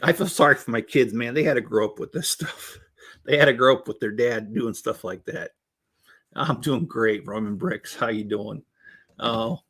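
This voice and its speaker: A man's voice: mid-range voice, normal speed, fairly bright tone, husky. A man in his fifties hosting a casual live stream, chatting with viewers in a rambling, jokey way and chuckling often. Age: 50s. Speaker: host building LEGO sets while reading viewer chat.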